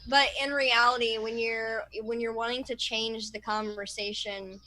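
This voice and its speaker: A woman co-host in casual panel chat, animated and swearing freely. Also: on the high side, moderate pace, low-quality recording.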